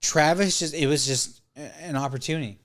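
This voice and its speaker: A man's voice: a little high, fairly quick, fairly bright tone. A man in his thirties telling a long rambling story in casual chat, swearing often and acting out what others said. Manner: profane, rambling, acts out quotes. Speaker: podcast guest.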